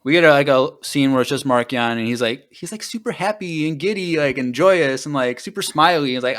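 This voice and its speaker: A man's voice: medium pitch, expressive, fairly quick, few pauses, a bit bright. A man hosting a podcast, retelling a book in casual, rambling chat full of fillers and trailing off at the ends of thoughts. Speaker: podcast host.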